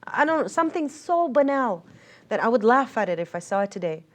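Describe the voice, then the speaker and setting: A woman's voice: mid-range voice, sing-song, fairly quick. A woman from Israel, an interview guest, telling a personal story earnestly and reflectively, with many fillers and restarts.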